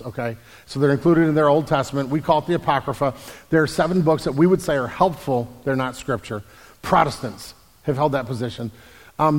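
A man, a pastor, answering congregation questions about the Bible in an explanatory way, often restarting and repeating words. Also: on the high side. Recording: long hall reverb.

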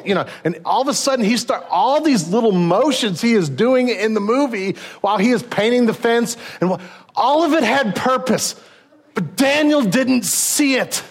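A man's voice: very high-pitched, lively intonation, moderate pace. A man preaching a sermon in a church, telling stories animatedly with frequent restarts. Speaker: pastor.

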